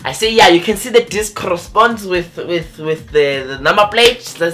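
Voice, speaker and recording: A young man from South Africa telling an animated storytime vlog, acting out the other people's voices. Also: high-pitched, moderate pace, hardly any pauses. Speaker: vlogger.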